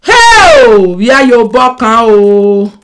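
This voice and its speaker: High-voiced Nigerian woman ranting. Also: huge pitch swings, very slow. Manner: swings between shouting and muttering, mixing Pidgin and English. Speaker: social media personality. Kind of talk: emotional live-stream rant.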